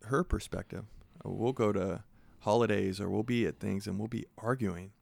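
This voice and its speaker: Police sergeant guest, gravelly low male voice, earnest storyteller, dry studio sound. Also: normal speed, no echo. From San Jose, California. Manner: earnest, animated storyteller acting out quotes. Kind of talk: conversational interview storytelling.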